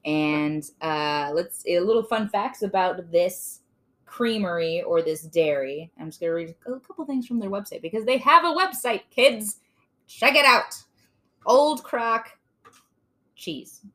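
A woman's voice: fairly low pitch, expressive, moderate pace, a bit bright. A woman hosting a casual podcast, reading aloud with playful, jokey asides. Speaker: podcast host.

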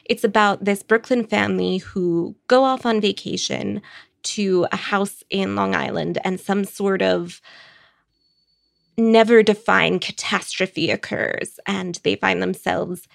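Woman with heavy vocal fry, wry critic. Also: mid-range voice, steady tone, no echo, studio quality. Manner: wry, conversational, quick asides. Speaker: book critic. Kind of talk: casual book recommendations.

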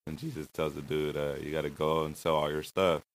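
A man's voice: rumbling low, flat delivery, a little fast, slight background noise, poor audio. A man in casual chat, musing in a slangy storytelling way.

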